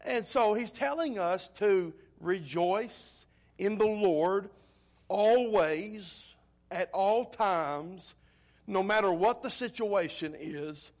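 High-voiced man preaching earnestly. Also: slow pace. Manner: earnest preaching with repeated words and emphasis. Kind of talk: sermon.

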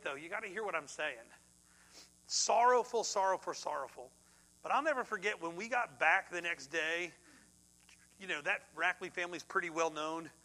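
A middle-aged man, a pastor preaching a sermon and telling a personal story, swinging from loud outbursts to hushed tones. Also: high-pitched, poor audio.

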